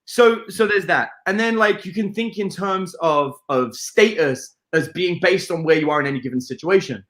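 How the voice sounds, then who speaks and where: A British man speaking with a noticeably high voice tells lively stories as a dating coach. He is playful and profane, and he jumps into scenes to act them out. His voice bounces around an echoey room. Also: normal speed. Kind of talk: animated interview storytelling.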